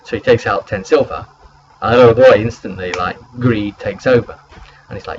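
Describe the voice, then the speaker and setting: A man's voice: on the low side, fairly quick, muffled recording, a little hiss or hum. A man recapping a tabletop game session as its game master, rambling along with plenty of hesitant fillers.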